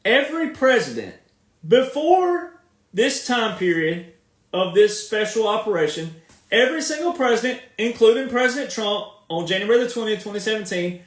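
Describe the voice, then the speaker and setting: A man with a Southern accent giving an emphatic, repetitive monologue, drawing his words out as he makes his points. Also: high-pitched. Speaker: commentator. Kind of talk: casual monologue. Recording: echoey room, speaking from off the mic.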